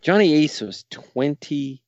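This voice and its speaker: A man's voice: a little high, expressive, normal speed, darkish tone, dry recording, dull audio. A middle-aged man co-hosting a podcast, teasing his partners bluntly and swearing freely. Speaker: podcast co-host. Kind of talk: casual banter reviewing wrestling.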